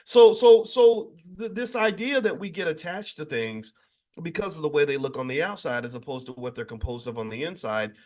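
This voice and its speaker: A man's voice: on the high side, animated, normal speed, a little mellow. A man hosting a daily finance show, talking off the cuff to his audience in an emphatic, preachy way, often restarting and asking listeners to agree. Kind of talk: unscripted monologue to an online audience.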